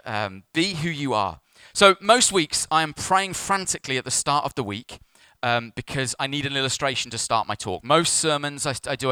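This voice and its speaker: A man's voice: medium pitch, pushed and bright, clear, resonant tone, no echo. A man, a pastor preaching a sermon in church and telling a story with self-mocking humour.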